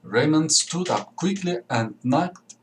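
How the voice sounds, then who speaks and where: Slow, careful male storybook reader. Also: a little high, expressive, a little hiss or hum, rough recording. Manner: slow, careful, deliberate reading. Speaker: narrator. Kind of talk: reading a graded story aloud.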